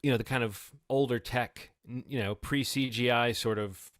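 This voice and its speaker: A man's voice: mid-range voice, steady tone, normal speed, dry recording, clean studio sound. A man in his forties chatting thoughtfully as a podcast co-host reviewing a film, often restarting his sentences. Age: 40s. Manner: thoughtful, reflective, many restarts. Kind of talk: casual film review chat.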